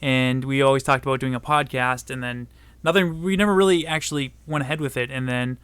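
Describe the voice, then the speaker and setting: A man hosting a casual podcast chat, relaxed and chatty, reading out viewer questions. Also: medium pitch, brisk, smooth, dry recording. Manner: relaxed, chatty, laughs often. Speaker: podcast host.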